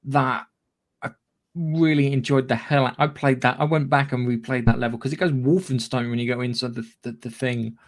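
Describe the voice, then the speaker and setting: Guy rambling on a gaming podcast, swears a lot, laughs a lot, mid pitch. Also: steady tone, normal speed. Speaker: podcast co-host. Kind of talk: casual chat.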